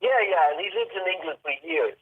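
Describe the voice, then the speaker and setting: Australian male caller, friendly, fairly high voice, heard over a tinny phone line. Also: big pitch swings, a little fast, vocal fry. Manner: friendly, calls everyone mate.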